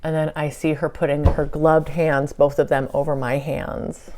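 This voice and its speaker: A woman speaks in a low, warm voice as she recounts a spiritual channeling. She is earnest and tearful, and often says things twice. The tone stays soft and relaxed. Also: moderate pace, few pauses. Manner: tearful, earnest, repeats herself. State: crying at times. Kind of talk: emotional first-person recounting.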